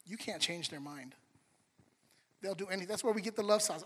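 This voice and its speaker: A middle-aged man preaching a sermon and telling a family story with animated swings between soft and loud talk. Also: high voice, a little fast, pauses often, breathy edge, big-room sound. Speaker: pastor.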